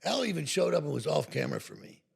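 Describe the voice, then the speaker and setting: A man in his sixties, an actor, telling anecdotes in a casual, animated way and acting out what others said. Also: on the high side, quick pace. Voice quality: gravelly, husky. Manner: animated, laughs while telling, acts out quoted lines. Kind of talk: casual storytelling.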